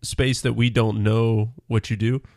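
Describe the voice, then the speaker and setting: A man's voice: mid-range voice, flat delivery, unhurried, darkish tone, no room sound, studio quality. A man co-hosting a podcast, thinking aloud in a reflective, hesitant way. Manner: reflective, hesitant, many restarts. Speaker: podcast co-host. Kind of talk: casual chat.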